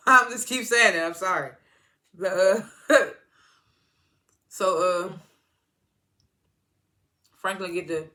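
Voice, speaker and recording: A man's voice: high voice, slow, long pauses, bright, forceful tone. A man giving a casual, rambling, slangy recap of a TV episode as a reviewer. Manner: rambling slangy retelling with acted-out quotes. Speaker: TV show reviewer.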